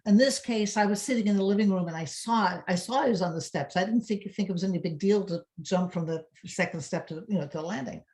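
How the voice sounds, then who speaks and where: A woman's voice: mid-range voice, quick pace, hardly any pauses, a little mellow. A woman on a parenting webinar, earnestly recounting her own experience and reassuring parents. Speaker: parenting educator on a webinar panel. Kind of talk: conversational webinar talk.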